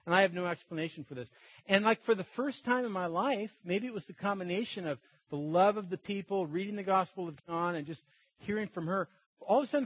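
An older man giving a personal testimony in an animated storytelling way, acting out the voices of people in his story. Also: high voice, husky, no echo. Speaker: testimony speaker. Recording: dull dry lo-fi recording.

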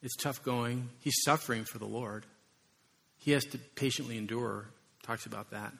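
A man preaching a sermon in an animated way, acting out voices and rising suddenly in volume. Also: mid-range voice, moderate pace, vocal fry, husky. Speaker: pastor.

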